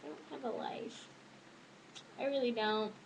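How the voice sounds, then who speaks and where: A woman's voice: fairly high pitch, unhurried, creaky, background noise. A teenage girl chatting casually to camera as a vlogger, rambling and giggly. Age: teens. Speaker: student vlogger.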